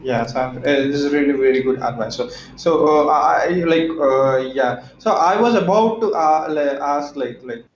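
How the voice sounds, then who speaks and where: A man's voice: on the high side, moderate pace, few pauses. Hesitant man on an echoey call. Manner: hesitant, many "uh"s and restarts, apologetic. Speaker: interviewee seeking advice. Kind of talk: casual chat. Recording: echoey dull call audio with faint hiss.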